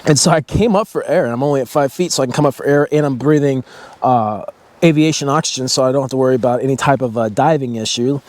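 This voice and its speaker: Here the self-help vlogger has a medium-pitched, darkish voice and talks fast, with no echo. Straight to his audience, he delivers a loose, profane, blunt pep talk about breathing.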